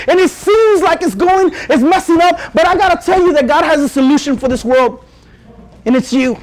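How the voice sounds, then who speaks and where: A young man preaching to youth, animated and joking, rising to shouts as he pleads. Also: very high-pitched, normal speed, rough recording. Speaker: youth pastor. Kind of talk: youth sermon.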